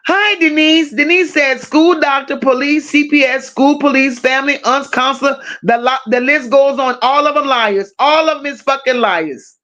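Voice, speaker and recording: Woman, livestream host, high-pitched voice, blunt, profane, animated banter, reads chat comments aloud. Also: moderate pace, hardly any pauses, dull audio. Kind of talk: casual true-crime livestream chat.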